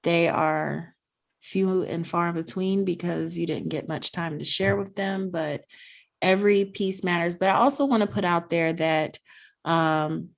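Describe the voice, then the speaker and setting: A woman's voice: on the low side, measured pace, creaky. A woman sharing her experience as a parent in a podcast conversation, earnest and reflective. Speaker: guest, NICU parent.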